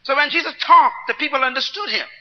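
A man preaching a teaching sermon, explaining scripture word by word and calling on the congregation to repeat after him. He swings between loud, emphatic bursts and soft asides. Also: very high-pitched, fast talker, dull audio. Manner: teaching, asks the congregation to repeat and write words down.

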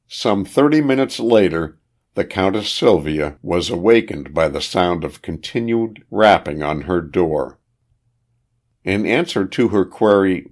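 A man reading a period detective novel aloud, measured and steady, lifting his voice for the characters' dialogue. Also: low-pitched. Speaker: audiobook narrator.

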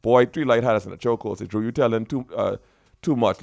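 A man's voice: lowish voice, fairly quick, vocal fry, darkish tone. A man hosting a radio show in casual, playful banter, laughing often and slipping into local dialect. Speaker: radio host. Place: radio studio.

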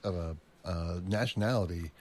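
A man in casual chat as a co-host, talking haltingly with dry asides. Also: deep voice, a little mellow. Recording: faint background noise.

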